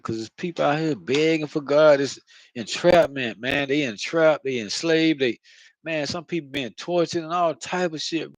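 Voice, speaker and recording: A man's voice: a little high, no echo, poor audio. A man talking casually into his own vlog, rambling and profane, often asking "you know what I mean". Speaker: channel host. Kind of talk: casual spiritual vlog monologue.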